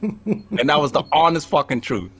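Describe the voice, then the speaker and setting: Fairly high-pitched and husky, this young Cambodian man speaks at a normal speed. He's telling his friends a lengthy comic story, animated and full of swearing, acting out the lines he quotes.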